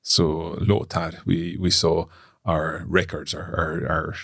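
A man hosting a casual lesson, working through phrases aloud with halting restarts and frequent laughs. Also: deep voice, level tone, creaky, a bit bright, no room sound, clean studio sound. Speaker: language learner host.

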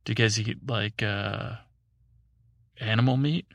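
A man's voice: on the low side, steady tone, measured pace, creaky, no echo, clean studio sound. A man voicing a curious male alien who asks probing questions, in a sleepy bedtime story.

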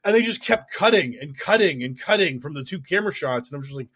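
A man co-hosting a casual political comedy podcast, rambling and profane, animated and full of restarts. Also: a little high, fast, hardly any pauses, slightly rough. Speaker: podcast co-host. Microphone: remote call recording.

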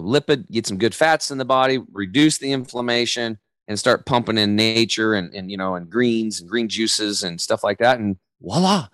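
A middle-aged man, a podcast guest, talking in an energetic, casual way with slang. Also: fairly low pitch, no room sound. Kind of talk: podcast interview.

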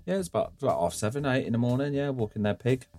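A man's voice: medium pitch, animated, fast, darkish tone, soft background music. A man hosting a casual podcast, rambling through stories, swearing freely and laughing often. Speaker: podcast host.

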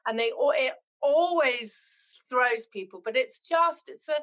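A middle-aged woman from Zimbabwe, chatting as a podcast guest and telling animated, heartfelt stories. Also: sits high, a little slow. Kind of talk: casual chat.

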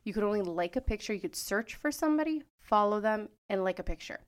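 A young woman co-hosting a podcast in casual chat, reacting with quick comments and then telling her own story. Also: mid-range voice, expressive. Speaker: podcast co-host.

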